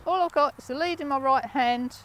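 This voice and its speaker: A woman from the United Kingdom teaching a dog training class, giving brisk, encouraging commands with lively inflection. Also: sits high.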